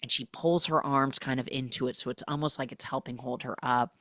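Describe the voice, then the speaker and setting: A woman's voice: rumbling low, steady tone, brisk, fairly bright tone, no echo, studio quality. A woman hosting a podcast, animatedly recapping a film, acting out the characters' lines and humming the score.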